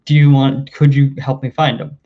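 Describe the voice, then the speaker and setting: A man's voice: medium pitch, little pitch movement, normal speed, lightly acted. A man voicing an anxious, chatty male quest-giver who pleads for help finding a missing friend. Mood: worried. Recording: slightly dull lo-fi audio.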